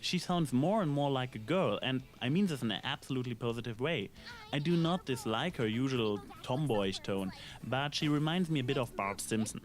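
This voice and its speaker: A man reading a scripted episode review in a measured, analytical way, with dry asides. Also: medium pitch, expressive. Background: faint background music.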